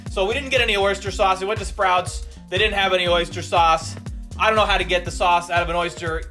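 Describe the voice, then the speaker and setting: High-voiced joking young man cooking. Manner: joking, rambling, lots of fillers and "you know what I mean". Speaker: home cooking video host. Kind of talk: casual cooking show chat. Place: home kitchen.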